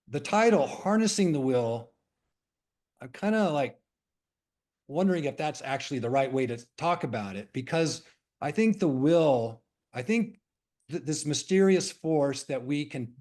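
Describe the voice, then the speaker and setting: Unhurried, thoughtful middle-aged man. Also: medium pitch, darkish tone. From Hawaii. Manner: thoughtful, unhurried, with many pauses and fillers. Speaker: spiritual discussion leader. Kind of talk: reflective storytelling talk.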